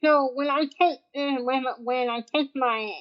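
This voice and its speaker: A woman's voice: high voice, unhurried. A deaf woman guest, speaking with a deaf accent, chatting casually and acting out what people say to her. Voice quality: deaf speech, uses hearing aid. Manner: animated, laughs often, acts out quotes. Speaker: guest streamer. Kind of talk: casual chat. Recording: dull lo-fi sound.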